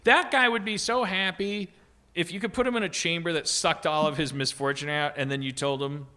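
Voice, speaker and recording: A man's voice: fairly high pitch, fairly even intonation, brisk, bright, forceful tone. A man hosting a comedy podcast, riffing casually with lots of "like," restarts and swearing. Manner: rambling, repeats "like" and restarts, swears. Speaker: podcast host. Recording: live podcast stage.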